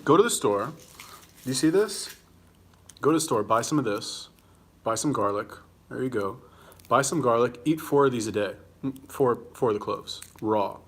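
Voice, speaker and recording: A man's voice: mid-range voice, moderate pace, pauses often, breathy edge. A young man hosting a casual livestream, answering viewer comments bluntly and combatively, swearing freely and talking while he eats. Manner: talks while eating.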